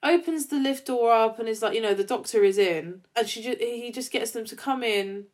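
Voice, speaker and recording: Chatty woman podcast co-host, fairly high voice. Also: brisk. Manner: animated retelling, acting out quoted lines; chatty with many fillers. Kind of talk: casual fan chat.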